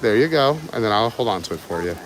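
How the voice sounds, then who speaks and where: A man's voice: lowish voice, lively intonation, quick pace, very noisy. A man casually chatting and joking while hosting a live stream outdoors at a theme park. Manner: joking, chatty, talks with food in his mouth at times. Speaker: vlog host.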